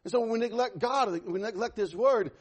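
A pastor delivering a sermon in a high, husky man's voice. He is animated and conversational, swinging from loud, raised passages to quiet ones and slipping in self-deprecating humor. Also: a little fast.

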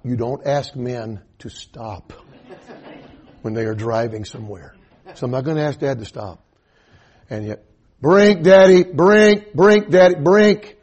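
An older man with a Southern US accent preaches in a relaxed, folksy storytelling manner. His voice is mellow, dark and a little husky, and he keeps stopping to say amen. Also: on the low side. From Atlanta area, US South. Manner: folksy storytelling, punctuated with amens. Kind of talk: sermon.

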